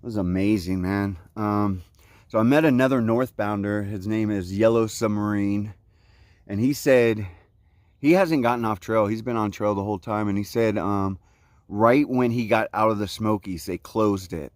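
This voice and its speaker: This Central Florida man in his forties vlogs on a hiking trail outdoors as a thru-hiker, speaking at normal speed in a lowish voice. The recording is studio quality with no echo, and his relaxed surfer-style talk is packed with "like, you know, man."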